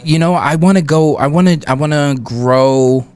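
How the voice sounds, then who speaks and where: A man's voice: fairly high pitch, normal speed, a little mellow, clear, resonant tone. A young man in his twenties from El Paso, a guest singer chatting casually and laughing often. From El Paso, Texas. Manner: laid-back, laughs often, many fillers. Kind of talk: casual podcast chat.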